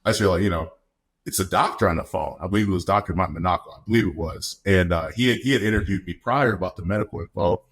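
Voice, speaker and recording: A man's voice: low-pitched, fast talker, a bit bright, a little hiss or hum. A man in his twenties, a podcast guest, telling a story casually with easy laughs. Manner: laid-back, laughs often, fillers like "man". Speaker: podcast guest, football player.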